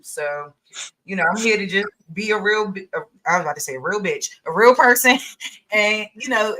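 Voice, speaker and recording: A woman who makes online content, speaking in casual group discussion in a relaxed, sincere way. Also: medium pitch. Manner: relaxed, sincere, laughs easily.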